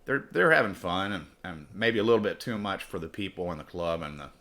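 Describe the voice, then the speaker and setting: A man with a low voice and a bright, forceful edge hosts his own storytelling podcast. He rambles casually through a personal tale, swearing freely and doubling back on himself as he goes. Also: animated, fairly quick. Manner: profane, rambling.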